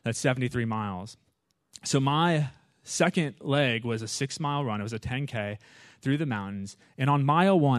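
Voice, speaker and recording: A man preaching in a conversational, animated way, often asking the audience "right?" and "you know". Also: mid-range voice, normal speed, no room sound, studio quality. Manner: animated, acts out his own prayers with rising intensity. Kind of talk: conversational sermon.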